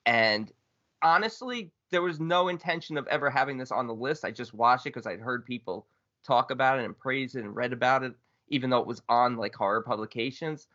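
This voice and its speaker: A man with a bright, forceful voice hosts a casual horror podcast. He is excitable and swears freely. The audio is a little dull and lo-fi. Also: mid-range voice, fairly quick. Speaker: podcast co-host. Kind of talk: casual chat.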